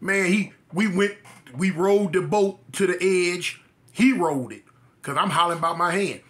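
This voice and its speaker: A man's voice: sits high, normal speed. A man from Los Angeles telling a funny story about himself, acting out the voices with exaggerated energy. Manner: animated, acts out voices, exaggerated. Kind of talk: comic storytelling.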